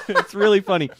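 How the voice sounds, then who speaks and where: A man co-hosting a podcast, recapping episodes in casual chat with wry, animated storytelling. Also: sits high. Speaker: podcast co-host.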